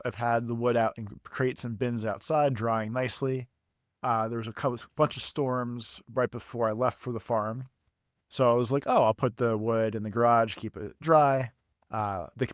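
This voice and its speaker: A young man on a podcast telling a long story casually, animated and profane, laughing at himself. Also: mid-range voice, no room sound, clean studio sound. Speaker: podcast co-host.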